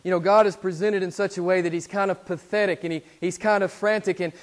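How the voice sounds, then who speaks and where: A man preaching a sermon as pastor, moving between quiet, intense passages and loud exhortations. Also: high-pitched, fairly even intonation, fairly quick, few pauses. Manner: swings from hushed to loud exhortation.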